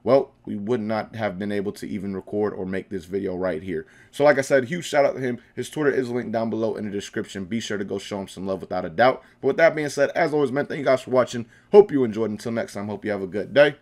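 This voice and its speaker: A man's voice: fairly low pitch, fast, hardly any pauses, darkish tone. A young man hosting a gaming channel, reading out game dialogue and reacting in casual slangy commentary with emphatic outbursts. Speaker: gaming YouTuber.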